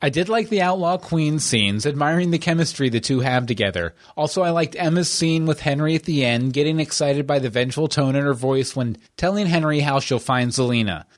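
A man co-hosting a podcast, chatting casually and enthusiastically about TV episodes with quick asides. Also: fairly high pitch, lively intonation. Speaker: podcast co-host. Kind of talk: casual chat reviewing TV episodes.

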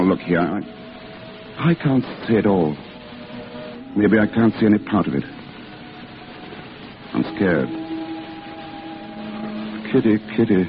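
A boyish young man in love, played by an actor, earnest and halting with a lively, rising and falling voice. He comes through a thin, phone-like old radio broadcast with music behind. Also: mid-range voice, lightly acted. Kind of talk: 1940s radio acting.

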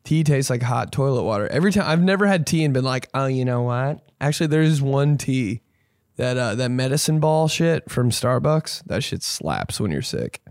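Man, comedy podcast host, profane casual rant, rambling, mocking put-on voices, mid pitch, dry close sound. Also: lively intonation, normal speed, dry recording.

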